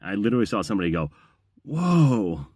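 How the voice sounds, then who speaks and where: A man's voice: low voice, animated, brisk, dry recording. A middle-aged man, a voiceover actor and audiobook narrator, telling a story in a casual, chatty, self-deprecating vlog.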